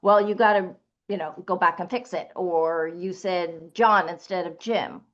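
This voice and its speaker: A woman's voice: fairly low pitch, fairly even intonation, a little slow, fairly bright tone. A woman audiobook narrator in a panel discussion, talking in an emphatic, opinionated way. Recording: dull lo-fi recording.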